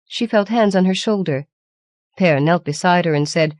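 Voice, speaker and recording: A woman narrates a fantasy audiobook with a deep, low voice for a woman. Her reading is measured and even, recorded dry and close with no room sound. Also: no echo. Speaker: audiobook reader. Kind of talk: scripted narration.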